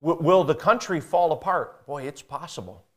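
Male pastor, earnest sermon delivery with emphatic swells, voice on the high side. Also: moderate pace. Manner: earnest, rising to emphatic peaks then dropping low. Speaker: preacher. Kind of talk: sermon with scripture reading.

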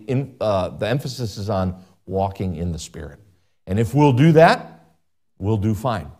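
A man delivers a sermon at an ordinary, mid-range pitch. He keeps turning to his listeners with questions. His emphatic lines push up loud, then he drops into low, quiet asides. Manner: asks the congregation frequent questions. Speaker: pastor.

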